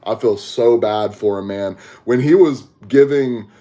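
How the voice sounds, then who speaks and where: A young Texan podcast host with a Southern accent chats casually with his livestream viewers over a headset mic. His mid-range voice is mellow and a little slow, and his manner is laid-back and slangy as he talks to chat.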